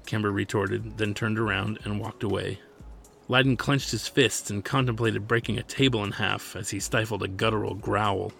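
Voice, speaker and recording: A man's voice: fairly low pitch, fairly even intonation, moderate pace, vocal fry, fairly bright tone, soft background music. Man narrating a sci-fi serial. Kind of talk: audiobook narration of own serial.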